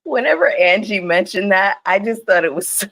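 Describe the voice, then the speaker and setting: A young woman giving casual, animated livestream commentary on a reality show, laughing often. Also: medium pitch, moderate pace. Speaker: reality TV recap streamer.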